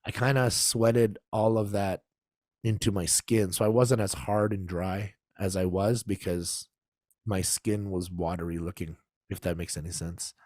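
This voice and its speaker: A man casually telling a story on a podcast, animated and laughing as he acts out the people in it. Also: low-pitched, measured pace, dry recording, clean studio sound. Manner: animated, acts out quoted voices, laughs often. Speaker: podcast guest.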